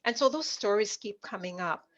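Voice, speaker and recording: Middle-aged woman from Jamaica, lively storyteller guest, mid-pitched, dull lo-fi call audio. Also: normal speed. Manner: animated storyteller, acts out remembered dialogue. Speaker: leadership coach, guest. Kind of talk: conversational storytelling interview.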